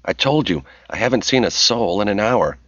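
A man's voice: fairly low pitch, expressive, moderate pace, fairly bright tone, no echo, muffled recording. A male audiobook narrator voicing a nervous young man caught snooping through files.

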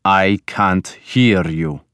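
Male narrator as stern Viking lord; low, slow, harsh menace in a storybook. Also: no room sound, clean studio sound. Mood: menacing. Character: stern angry Viking lord, grim and commanding.

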